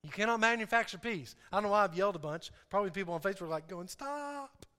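A male pastor preaches with animated emphasis and keeps repeating his main points. His voice is high for a man and bright. A long hall reverb hangs on every phrase. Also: rapid-fire. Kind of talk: sermon.

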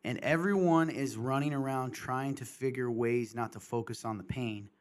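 A man's voice: mid-range voice, moderate pace. A middle-aged man hosting a podcast, talking candidly and passionately in casual chat, in bursts and restarts. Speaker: podcast host.

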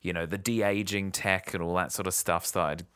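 A man's voice: low-pitched, fairly even intonation, moderate pace, a bit bright, smooth, no room sound, clean studio sound. A man hosting a podcast, casually chatting about a movie, musing and hesitant while he thinks. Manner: musing, hesitant when guessing. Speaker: podcast host. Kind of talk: casual film review chat.

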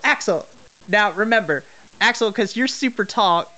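A man's voice: high-pitched, expressive, normal speed, bright, forceful tone. Casual man narrating a role-play game. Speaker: game master. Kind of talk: narrating a wrestling tabletop game.

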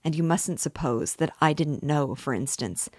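A woman's voice: deep voice, animated, moderate pace, breathy edge, dry recording, studio quality. A woman reading the part of a feverish, tormented young man in an intense confessional monologue, as an audiobook reading.

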